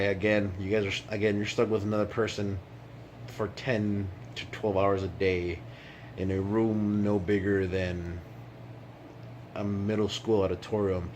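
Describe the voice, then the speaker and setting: A low-pitched man rambles through a casual video diary, swearing freely as he talks. A faint hiss sits under his voice. He is indoors at night, away from home for work. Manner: rambling and profane. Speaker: vlogger. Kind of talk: casual vlog chat.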